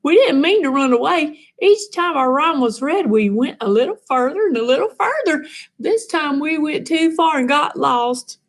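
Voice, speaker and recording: A woman's voice: high-pitched, lively intonation, moderate pace, voice pushed up. A woman voicing a lost little spoon who speaks in a sobbing, shaky, pleading way in a storybook reading. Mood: tearful.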